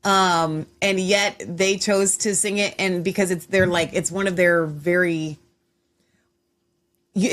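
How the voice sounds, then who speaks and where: A woman hosts her own show in a loose, casual chat. She rambles, restarts her sentences and speaks in a slightly low voice. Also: steady tone, measured pace, fairly bright tone. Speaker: host.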